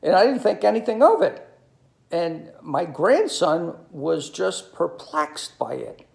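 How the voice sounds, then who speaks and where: Gravelly older New man, halting. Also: fairly high pitch, very animated. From New York City. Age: 60s. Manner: halting, many ums and uhs, storytelling. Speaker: video commentator. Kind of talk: monologue to camera.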